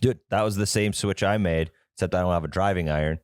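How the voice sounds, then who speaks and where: A man's voice: sits low, fast talker, no room sound, clean studio sound. A young man co-hosting a golf podcast who tells stories with plenty of swearing and acts out both sides of an exchange. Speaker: podcast co-host. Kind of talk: casual chat.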